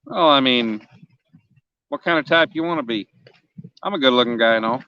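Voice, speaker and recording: A man's voice: medium pitch, normal speed, smooth, no echo, highs cut off. A man in his forties, a fishing vlogger chatting casually on a live stream outdoors, joking and teasing his viewers as he rambles. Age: 40s. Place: outdoors on a riverbank.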